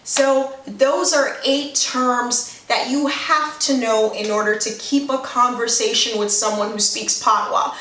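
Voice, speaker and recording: High-voiced young woman, lively explainer. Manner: lively, acts out example dialogues. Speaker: language teacher, video host. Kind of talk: casual explainer video. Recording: roomy, mic at a distance.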